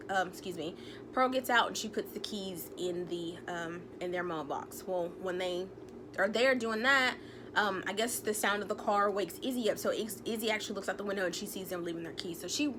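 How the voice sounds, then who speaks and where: A TV recap vlogger, a woman with a medium-pitched voice, casually retells an episode's plot, storytelling with animation and acting out the characters' lines. There's noise in the background.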